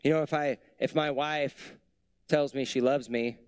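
A man preaching a sermon as a pastor, in a conversational way with many rhetorical questions, dropping soft and low for tender lines. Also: fairly even intonation, measured pace, clean tone, no echo.

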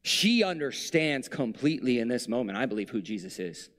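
A man's voice: mid-range voice, very animated, fairly quick, fairly bright tone. A male preacher giving a sermon in a conversational, reflective way, with playful asides.

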